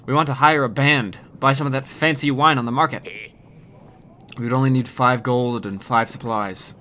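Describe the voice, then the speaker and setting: A man's voice: mid-range voice, fairly even intonation, normal speed, bright, forceful tone, slight background noise, lightly acted. A man playing a pompous, boisterous wedding-planning father.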